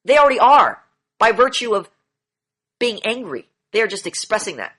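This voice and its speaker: A man's voice: sits high, big pitch swings, normal speed, sharp tone, breathy edge. A man coaching a group in an online session, lecturing bluntly, repeating key phrases and swearing now and then. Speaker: demand training coach.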